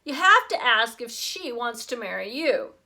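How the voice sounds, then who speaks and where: A woman reading aloud, voicing a kindly grandfather who speaks gently and patiently. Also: on the high side, sing-song, measured pace, full character voice.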